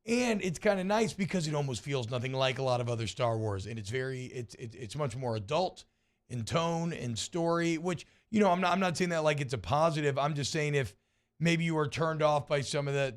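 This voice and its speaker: A man's voice: medium pitch, brisk. A man hosting a sports radio show, chatting casually and enthusiastically with restarts.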